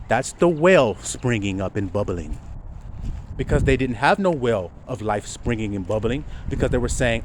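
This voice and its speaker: A man preaching a sermon outdoors, swinging from low murmurs to loud cries. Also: animated, moderate pace. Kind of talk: street sermon. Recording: faint street noise behind.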